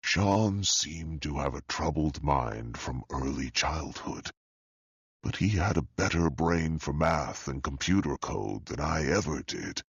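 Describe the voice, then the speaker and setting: A man voicing a sinister, wealthy older male tech mastermind in an audiobook, speaking slowly and calmly with a deep, husky, gravelly voice. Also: no room sound, highs cut off, full character voice. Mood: cold, calm. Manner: slow, calm and menacing. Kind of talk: audiobook character voice.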